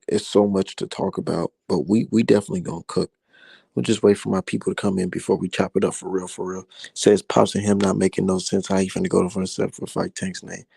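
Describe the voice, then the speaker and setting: A young man hosting his own boxing commentary, talking casually in a heated, profane rant that climbs high when he gets worked up. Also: gravelly, warm tone, slightly rough, dry recording.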